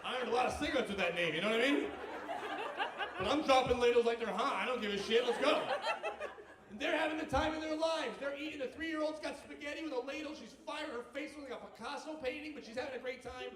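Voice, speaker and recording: Male stand-up comic, high-pitched and foul-mouthed, echoey club with a laughing crowd. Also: fast talker. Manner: profane, animated storytelling. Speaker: stand-up comedian. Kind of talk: stand-up comedy set. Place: comedy club stage. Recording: echoey club, distant mic, audience laughter.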